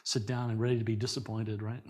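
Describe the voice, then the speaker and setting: A man's voice: lowish voice, little pitch movement, fast talker, a little mellow, a little hiss or hum. A middle-aged man, a guest on an interview show, telling anecdotes with frequent laughs and repeated words. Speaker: guest performer. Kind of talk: conversational storytelling in an interview.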